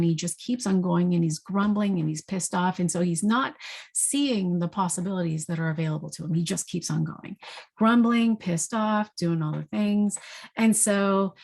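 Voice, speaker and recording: A woman with a husky, slightly breathy voice that sits a little low gives a spiritual talk. She retells a story in an animated way and often adds "you know" and "right?". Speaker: intuitive energy forecaster.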